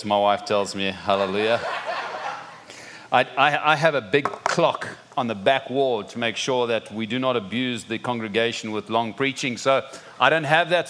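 A man's voice: fairly low pitch, a bit bright, a little hiss or hum. Zimbabwean-accented man, chatty preacher. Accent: Zimbabwean English. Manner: chatty, self-deprecating, many restarts and fillers. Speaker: visiting pastor. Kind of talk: sermon opening. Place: church sanctuary.

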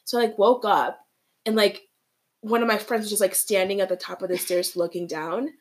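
A young woman co-hosts a relaxed podcast conversation. She tells a story in a loose, casual way and fills it with "like". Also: medium pitch, moderate pace. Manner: casual storytelling, many "like" fillers. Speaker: podcast co-host. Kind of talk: casual chat.

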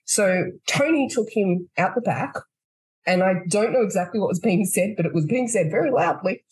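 Woman podcast co-host, husky, loose rambling storyteller. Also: medium pitch, animated, normal speed, darkish tone, rough recording. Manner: rambling storyteller, swears freely, trails off and restarts. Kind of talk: casual chat.

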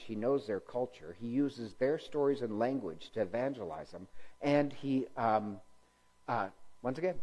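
A man's voice: medium pitch, a little mellow, poor audio. Male lecturer, casual and rambling, frequent fillers and self-corrections. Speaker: speaker teaching church history.

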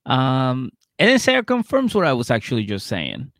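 Male podcast co-host, low and gravelly, dry studio sound, profane storyteller who acts out the quotes. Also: huge pitch swings, moderate pace, fairly bright tone, dry recording. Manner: profane storytelling that acts out other people's lines. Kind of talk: casual chat recapping a reality show.

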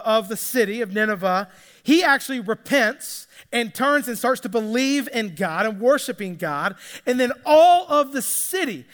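High-voiced preacher with a drawl. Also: male voice, fairly bright tone. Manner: chatty, joking, acts out quotes. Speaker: pastor. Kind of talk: casual sermon. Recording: long hall reverb.

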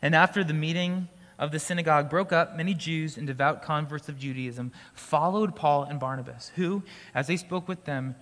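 A male pastor preaches at a moderate pace with hardly any pauses, his voice a little high and fairly bright. Conversational in manner, he restarts sentences and laughs lightly at times, in a school auditorium used for church that adds long hall reverb.

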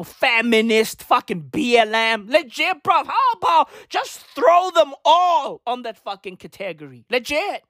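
A woman's voice: a bit bright, dry recording, studio quality. A woman vlogger delivering a profane, mocking comedic rant to camera. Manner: profane, mocking, with exaggerated pitch swings.

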